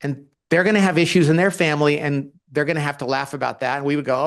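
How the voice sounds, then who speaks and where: A man, a guest author in a conversational interview, talking in an animated way and acting out quoted dialogue as he tells stories. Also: a little high, a little fast, few pauses.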